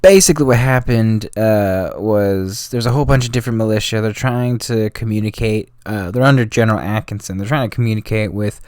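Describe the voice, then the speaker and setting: A man's voice: lowish voice, brisk, hardly any pauses, a little mellow, smooth, dry recording, studio quality. A man casually explaining history as a channel host, in a slangy, rambling way with frequent self-corrections. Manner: slangy and offhand, drifting into street talk.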